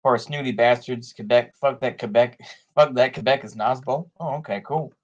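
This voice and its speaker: Man, political commentator, casual rambling talk, middle pitch, filler-heavy, laughing often. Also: moderate pace, dull audio.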